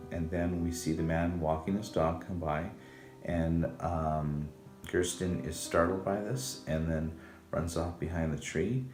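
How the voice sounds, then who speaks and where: A man's voice: extremely low pitch, fairly even intonation, unhurried, a little mellow. A man casually recapping a TV episode, rambling with many ums and uhs. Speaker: show recap host. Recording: echoey room with music behind.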